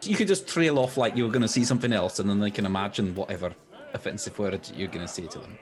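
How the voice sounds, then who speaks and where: A man's voice: on the low side, quick pace, a little mellow. A man playing a tabletop role-playing game in character, playful and chatty with many asides. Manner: playful, lots of asides and restarts.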